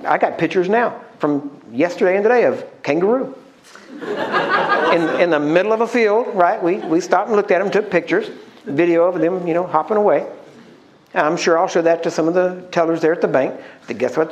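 A middle-aged pastor preaches in a conversational, storytelling manner, often putting questions to his listeners. His voice sits high and a little fast, with the highs cut off in the recording.

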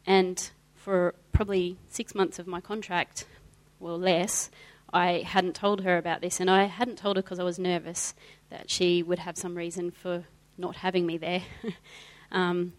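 A woman's voice: fairly low pitch, a little slow. Chatty woman telling a story. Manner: animated storyteller, with hesitant fillers. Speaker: guest speaker sharing a testimony. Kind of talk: personal testimony told to an audience.

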